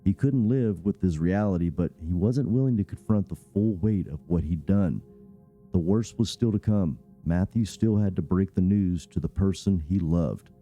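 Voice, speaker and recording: A man narrating a true-crime podcast in a measured, somber scripted delivery. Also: sits low, dull audio, faint music behind.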